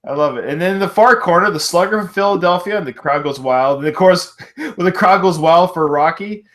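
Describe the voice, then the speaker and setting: A man in his thirties co-hosting a podcast, chatting casually about a film, laughing often and quoting lines with excitement. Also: high voice, brisk. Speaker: podcast co-host.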